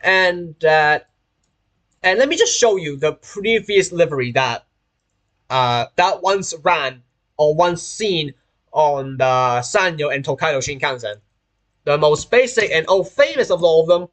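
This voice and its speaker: A young adult man from Hong Kong with a British-sounding accent chats casually on a stream while playing a train simulator, his voice on the high side, animated, a bit bright and a little slow. He has a sore throat and rambles, often restarting phrases and correcting himself mid-sentence.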